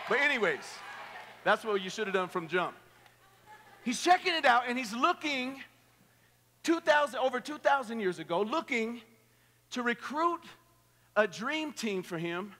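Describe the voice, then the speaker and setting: High, bright-voiced pastor in an echoey hall. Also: male voice. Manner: playful, joking, rallying the crowd. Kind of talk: energetic youth sermon with call-and-response. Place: large hall at a youth camp.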